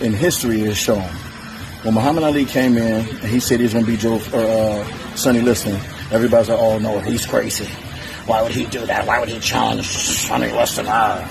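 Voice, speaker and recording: A man's voice: medium pitch, noisy background. A man delivering a profane, boastful, defiant trash-talk rant straight to the camera. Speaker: challenger in a strength feud. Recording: music playing under the voice.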